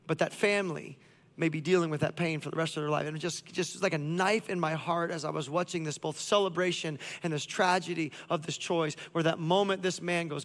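A man's voice: fairly high pitch, steady tone, a little fast, a bit bright, long reverb tail. A man preaching a sermon as pastor, impassioned, building to fervent intensity as he voices God speaking. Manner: impassioned, voicing God's lines with rising intensity.

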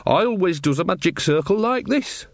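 A man's voice: high voice, lively intonation, moderate pace, creaky, no room sound, studio quality, voice pushed up. A man doing a chatty old witch grandmother. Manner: chatty and homely.

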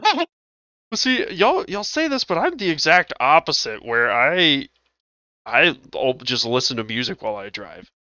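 A man co-hosting a casual podcast chat, playful and animated, laughing often. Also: mid-range voice, measured pace, dry recording, muffled recording. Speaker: podcast co-host, game master.

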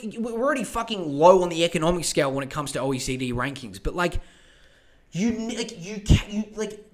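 A young man rants alone on his podcast, swearing freely and rambling through his points. His voice sits high for a man. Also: a bit bright. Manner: profane, ranting, rambling. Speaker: podcast host. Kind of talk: solo political rant podcast.

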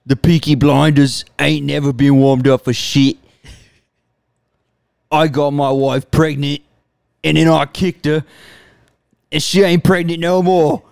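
A man voicing a rough, crude, boastful gangster in a mock British accent that drifts toward Australian. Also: fairly high pitch, steady tone, a little slow, pauses often, darkish tone, no room sound, studio quality, pitched above the performer's own voice. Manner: gruff, boastful, profane.

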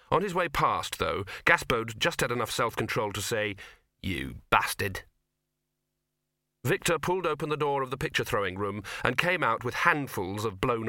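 A man narrating an audiobook in a steady, measured way. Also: lowish voice, no room sound, clean studio sound. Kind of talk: scripted narration.

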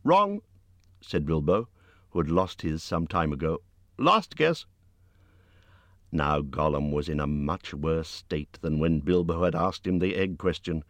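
A man narrating an audiobook in an expressive reading voice, lifting his pitch for character lines. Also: dry recording. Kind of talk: scripted narration.

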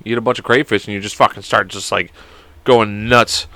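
A man's voice: fairly low pitch, steady tone, brisk, bright, forceful tone, no echo. A young man in his twenties hosting a solo podcast, rambling and joking with constant swearing. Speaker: podcast host. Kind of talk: casual solo podcast chat.

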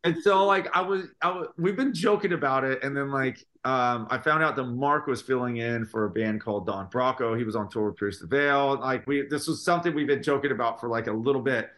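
A man, a guest musician on a podcast, telling stories in an animated, casual way, with lots of filler words. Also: mid-range voice, a little fast, few pauses. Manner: animated storytelling, full of fillers.

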